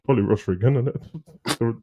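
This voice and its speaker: Co-host, man, slangy rambling talker, darker mellow tone. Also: mid-range voice, fast, muffled recording. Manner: slangy, rambling, animated rants. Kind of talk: casual live chat.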